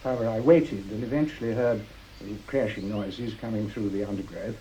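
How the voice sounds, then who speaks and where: Older guy telling his war story, low mellow voice, lots of uhs, very understated. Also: a little hiss or hum, poor audio. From Britain. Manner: understated, halting, with many uhs. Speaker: interviewee, war veteran. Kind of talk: personal recollection.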